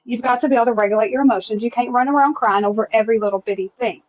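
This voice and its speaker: A woman with a very high voice speaks bluntly and insistently, as a mother debating online. Her audio sounds dull and lo-fi. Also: racing, a little mellow. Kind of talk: live social media debate.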